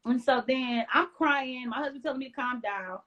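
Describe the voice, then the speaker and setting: A woman from the United States, an interview guest, telling her story in an animated way and acting out what others said. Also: high voice, normal speed, highs cut off. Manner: lively retelling with acted-out quotes.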